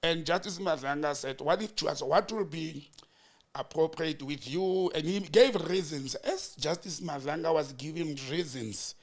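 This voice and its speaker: A South African man with a fairly high voice tells the story of a hearing blow by blow. He jumps into the quoted lines with sudden lifts in pitch and emphasis. He keeps it conversational, like a commentator thinking aloud. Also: moderate pace. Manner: storytelling, acting out quoted exchanges with rising emphasis. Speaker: political commentator. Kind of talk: animated political chat recounting a hearing.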